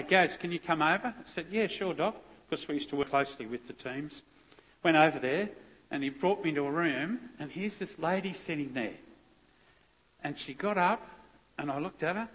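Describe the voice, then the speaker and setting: A man's voice: medium pitch, fairly bright tone. Man telling a story in an echoey hall. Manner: heartfelt, conversational storytelling with restarts. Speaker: police officer giving a guest testimony. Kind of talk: earnest personal testimony. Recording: long echoey hall reverb.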